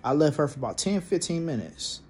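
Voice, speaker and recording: A man's voice: on the high side, sing-song, fairly quick, darkish tone, husky. A young man telling a personal story in a casual, profane, rambling way, full of restarts and fillers.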